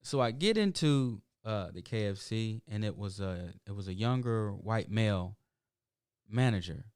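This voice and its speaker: A middle-aged man talks through a loose, storytelling monologue as host of his own show. His voice is smooth and clear, recorded close and dry with no room sound. He wanders through emphatic asides and restarts. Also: on the low side, animated, measured pace, a little mellow, no room sound. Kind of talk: casual livestream monologue.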